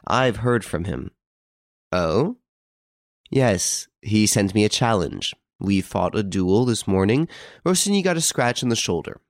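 A suave aristocratic adventurer speaks with cool self-assurance in a low, steady voice, as a male reader gives him his lines. The delivery is dry and close, like a carefully read audiobook. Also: measured pace, no echo. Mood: calm assured. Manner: calm, self-assured, smooth. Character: composed, worldly aristocratic gentleman-adventurer.

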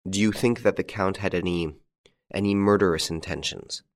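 A man playing a calm, masterful gentleman rescuer, courteous and commanding. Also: deep voice, moderate pace. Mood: probing.

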